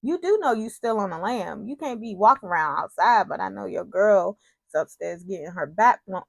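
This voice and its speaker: A woman's voice: mid-range voice, expressive, normal speed, creaky, no echo. A woman casually recapping a TV soap episode, retelling scenes with quoted lines and personal asides.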